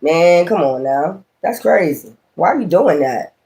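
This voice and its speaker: Guy with a high voice doing a tarot reading, cussing a lot, rambly and worked up. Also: expressive, a little slow, creaky, darkish tone. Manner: profane, exclamatory and rambling. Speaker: tarot reader.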